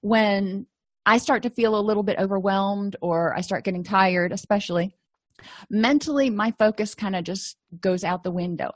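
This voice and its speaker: A woman's voice: mid-range voice, dry recording. A middle-aged woman counselor giving a conversational recorded lecture, explaining with everyday personal examples.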